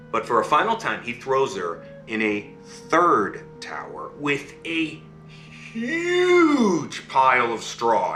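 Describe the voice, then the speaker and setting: A man telling a fairy tale live in a lively, dramatic way, often checking in with listeners. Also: echoey room. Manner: lively, dramatic swings in pitch, asks listeners "right?". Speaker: storyteller.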